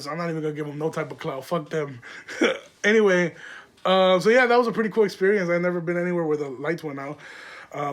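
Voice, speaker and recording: High-voiced young man rambling, profane. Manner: rambling, profane, slangy, lots of fillers. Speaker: podcast host. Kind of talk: casual storytelling monologue.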